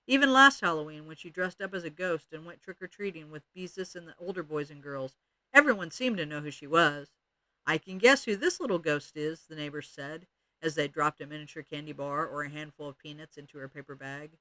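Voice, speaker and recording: A man's voice: on the high side, fairly quick, pushed and bright, no room sound. A man expressively reading a children's chapter book aloud. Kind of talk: read-aloud storytelling.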